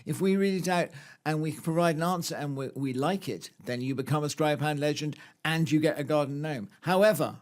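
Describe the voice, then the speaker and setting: A man co-hosts a casual gardening podcast, and his voice sits a little high for a man. He talks in a wry, playful way, reaching for mock-grand phrases and trailing off into restarts. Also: a little fast, few pauses. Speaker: podcast co-host.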